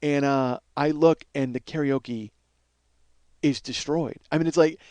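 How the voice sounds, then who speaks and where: A middle-aged man spins a long, profane tale on his own podcast and acts out each person's lines. His voice sits a little high. The recording is dry and close, with no room sound. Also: a little slow, dry recording. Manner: animated, profane, acts out quotes. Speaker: podcast host. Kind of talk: storytelling monologue.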